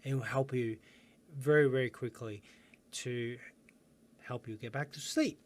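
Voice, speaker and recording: A man coaching viewers in a self-help video lesson, calm and guiding, slowing down with pauses for breathing exercises. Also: mid-range voice.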